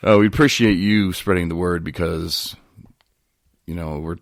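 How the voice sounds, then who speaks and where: Podcast co-host, male, very low gravelly voice, dry close sound, jokey casual delivery. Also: normal speed, no room sound. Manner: joking, laughs often.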